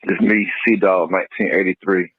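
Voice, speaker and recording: A man's voice: sits low, fairly even intonation, moderate pace, breathy edge, no room sound. A man calling into a podcast, ranting heatedly and swearing constantly. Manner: profane heated rant. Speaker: caller. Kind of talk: call-in rant. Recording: tinny phone line.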